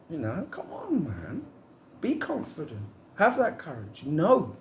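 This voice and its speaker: A man's voice: fairly high pitch, huge pitch swings, slow, roomy sound, a little hiss or hum. A man giving a rambling, heartfelt spiritual monologue to camera, musing on love and trust.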